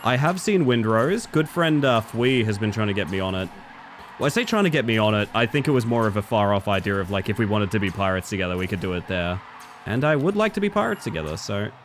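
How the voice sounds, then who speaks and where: Over soft background music, an Australian gamer with a low-leaning voice talks fast and very animatedly. He chats casually with his viewers as he plays, murmuring to himself and suddenly exclaiming.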